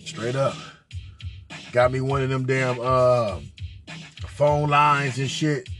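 A man's voice: medium pitch, little pitch movement, takes it slowly, fairly bright tone, faint music behind. A man hosting a podcast, telling a crude, profane comedic story in a boisterous manner and drawling some words out. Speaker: podcast host.

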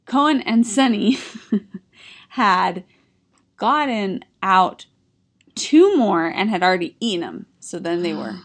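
A woman's voice: mid-range voice, very animated, slow, pauses often. A woman in her thirties, a podcast co-host, chatting casually and telling a story with frequent laughs. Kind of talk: casual chat.

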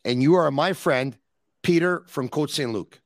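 A man, hosting a casual call-in podcast. He teases his caller playfully, stretching his words for emphasis. His voice sits a little high and sounds dry and close. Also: no room sound. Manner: teasing, playful, drawn-out emphasis. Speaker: podcast host.

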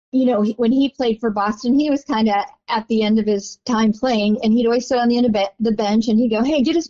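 An older woman tells stories in a chatty, rambling way, leaning on "you know" as she talks. Her voice sits a little high for a woman. The audio is dull and lo-fi. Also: darkish tone. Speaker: interview guest, longtime season ticket holder. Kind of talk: casual storytelling interview.

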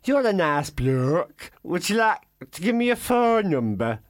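A man's voice: sits high, big pitch swings, measured pace, no room sound, clean studio sound. A man voicing a cheeky, flirty woman pop star with a Liverpool accent, in a mocking put-on voice.

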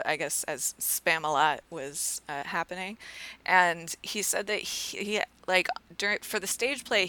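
Lower-pitched woman, bright tone, casual. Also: rough recording. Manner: recounting facts, many "um" and "uh" fillers. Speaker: podcast co-host. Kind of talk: casual chat.

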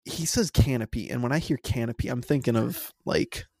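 A young man tells a story in an exasperated, casual way, swearing and laughing as he goes. His voice has a gravelly, fried edge. The sound is close and dry. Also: medium pitch, normal speed, no room sound. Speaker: podcast co-host.

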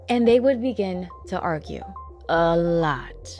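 A woman's voice: on the low side, lively intonation, takes it slowly, a little mellow, faint music behind. A woman casually narrating a true crime story, blunt and sarcastic, swearing in her asides.

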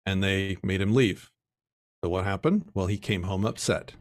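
A man's voice: sits low, fairly even intonation, normal speed. A man talking casually about how he raises his kids, earnest and explanatory. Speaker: parent guest. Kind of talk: casual conversation.

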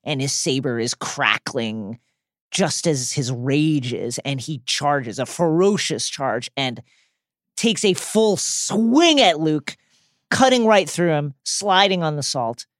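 A man co-hosting a film podcast, talking excitably and slipping into mock voices when quoting. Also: on the high side, slow, no echo, clean studio sound. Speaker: podcast co-host. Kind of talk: enthusiastic film-recap podcast chat.

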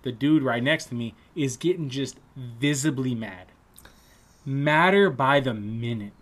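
A man casually telling an animated, profanity-laced story in a relaxed chat, acting out what other people said. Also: mid-range voice, measured pace. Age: adult trade-school student.

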